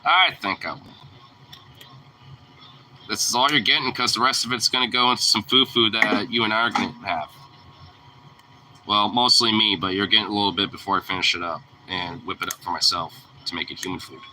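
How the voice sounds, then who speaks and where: A young man with a very bright, edgy voice talks to his dog in a loose, teasing way. He laughs easily and swears freely as he chats. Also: on the low side, fairly even intonation, fast talker, a little hiss or hum, low-quality recording. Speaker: vlogger. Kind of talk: casual chat to his dog.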